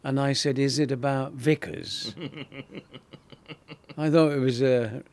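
An older actor telling lively anecdotes in an interview, acting out other people's lines and laughing often. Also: male voice, mid-range voice, slow pace. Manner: animated storyteller, acts out quoted voices, laughs often. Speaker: actor guest.

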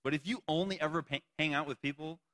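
A man's voice: a little high, fast talker, sharp tone, long reverb tail. A young man preaching a sermon to a youth group, playful and joking between points. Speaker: youth pastor.

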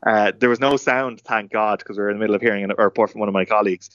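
A young Irish man, a journalist, tells a story in a podcast interview, animated and full of restarts. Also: on the low side, very fast, dry recording. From Ireland. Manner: animated, acts out quotes with many restarts. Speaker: journalist guest. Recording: dull, lo-fi sound.

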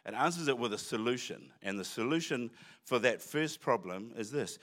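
A man's voice: medium pitch, animated, moderate pace, a bit bright. A man preaching a sermon in church, talking conversationally with asides and restarts. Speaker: pastor.

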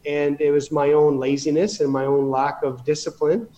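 A man's voice: fairly high pitch, fairly even intonation, moderate pace, warm tone, slight background noise. A man telling rambling stories about running his business in a casual interview, with many restarts. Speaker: guest.

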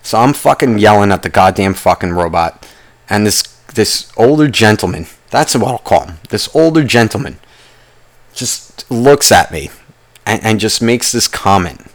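An animated young man with a voice on the low side hosts a podcast, recounting a long story at a moderate pace. He rambles, restarts, goes off on asides and swears nonstop.

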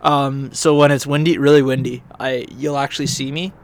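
Gravelly man rambling about golf. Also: medium pitch, flat delivery, normal speed. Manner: rambling, self-mocking banter. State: teary right eye. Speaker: podcast co-host. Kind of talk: casual golf chat.

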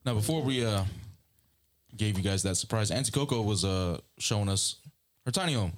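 A man's voice: lowish voice, normal speed, a little hiss or hum. A man hosting a casual podcast chat, loose and joking, swearing freely and a little drunk. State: tipsy. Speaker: podcast host.

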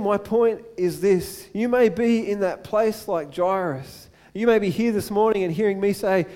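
A high-pitched young adult man gives a sermon as pastor. He sounds earnest, shifting between loud, pressing build-ups and quiet, unhurried appeals.

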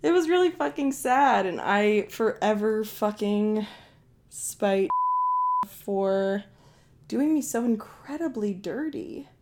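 A woman's voice: mid-range voice, expressive, slow, background noise. A young woman from Ohio telling a story in a casual monologue, blunt and full of swearing. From Ohio, USA. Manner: profane, blunt, emphatic. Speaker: podcast host.

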